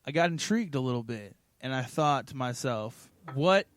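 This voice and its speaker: A man's voice: mid-range voice, fairly quick. A man co-hosting a podcast, cracking sarcastic, profane jokes in casual banter. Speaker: podcast co-host.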